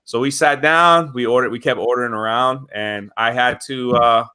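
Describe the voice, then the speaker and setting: American man, bright, forward tone, rambling anecdotes on a stream. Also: mid-range voice, fairly even intonation, moderate pace, smooth. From United States. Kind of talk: casual storytelling.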